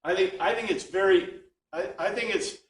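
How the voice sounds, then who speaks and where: A man's voice: high-pitched, moderate pace. A man teaching an informal Bible class, thinking aloud with frequent restarts. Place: classroom with a small group. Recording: echoey room, speaker far from mic.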